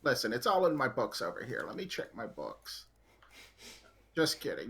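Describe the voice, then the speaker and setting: Husky guy joking around in a tabletop game, voice all over the place. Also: medium pitch, huge pitch swings, moderate pace, pauses often, fairly bright tone. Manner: rambling, playful, talks through laughs. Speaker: player. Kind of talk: in-character tabletop play, joking.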